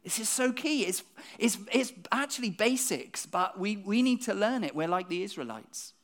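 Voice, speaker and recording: Rhetorical questions fill this brisk, conversational sermon delivered to a congregation. The preacher's animated, slightly bright mid-range voice often doubles a word when restarting a thought.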